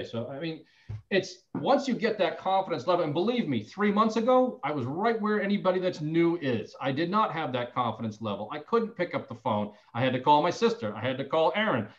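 A man's voice: a little high, fairly quick. Man talking shop over a muffled call. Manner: animated, acts out both sides of phone calls. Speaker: insurance sales agent sharing call tips. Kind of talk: casual sales training talk.

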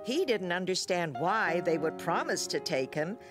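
A woman narrating a children's cartoon in a clear storytelling manner. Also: on the low side, expressive, normal speed, music in the background.

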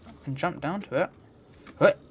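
A man's voice: fairly high pitch, normal speed, a little hiss or hum. Man muttering through a game. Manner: mutters to himself, swears, rants when frustrated. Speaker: gamer. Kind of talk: let's play commentary.

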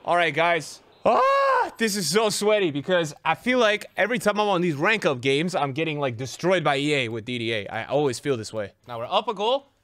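A young adult man giving live commentary over his own video game matches, excitable, jumping from loud yelps to low muttering. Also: brisk, hardly any pauses, dry recording. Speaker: gaming video creator.

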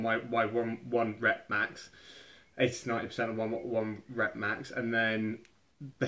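A young Englishman offers casual fitness advice to the camera as a vlogger, chatting and rambling and often restarting his phrases. His voice is mid-range with a fairly bright tone.

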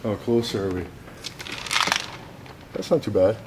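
Talking slowly and animatedly in a low-leaning voice, a young man keeps up a stream of profane, rambling banter and jokes as he works in his workshop for a vlog. The recording is very noisy.

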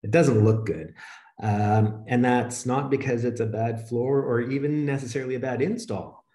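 A man presenting a webinar, walking through slides in a steady, conversational, explanatory way. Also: medium pitch, moderate pace, reverberant.

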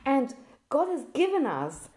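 Earnest high-voiced woman teaching. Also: wildly swooping pitch, a little slow, a little mellow. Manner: earnest, storytelling with many restarts. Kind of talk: spoken lesson on a text.

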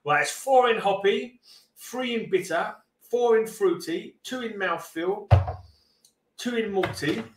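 A man's voice: high voice, a little slow, distant mic, slight background noise. A man with a Cockney accent, hosting a casual beer-tasting podcast, joking, rambling and swearing freely. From East End of London. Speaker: podcast co-host. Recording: roomy echo.

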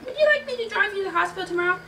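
A woman's voice: extremely high pitch, expressive, rapid-fire, fairly bright tone, a little hiss or hum, voice pushed up. Sweet fussy aunt, as a woman puts her on. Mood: doting. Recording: distant mic with music behind.

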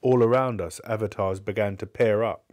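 Low-voiced man reading a novel aloud. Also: steady tone, normal speed, a little mellow. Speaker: book club reader. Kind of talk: live audiobook reading.

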